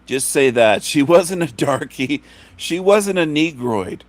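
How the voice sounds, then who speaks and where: A man's voice: on the high side, animated, slow pace, dry recording. A man hosting, cutting in with crude mocking remarks, heard from away from the mic.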